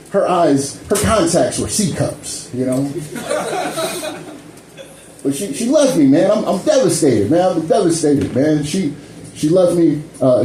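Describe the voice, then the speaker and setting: Mellow, lively stand-up comedian man. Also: medium pitch, a little hiss or hum. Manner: loose and conversational, tags lines with "you know" and "man". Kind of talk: stand-up set with crowd work. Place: comedy club stage. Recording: echoey club room, faint ambience.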